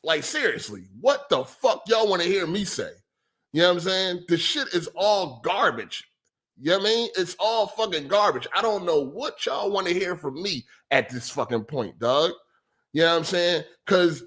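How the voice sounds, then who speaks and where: A man's voice: high voice, big pitch swings, moderate pace, fairly bright tone. A middle-aged man hosting a podcast, ranting in a heated, profane and repetitive way, exasperated. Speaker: podcast host.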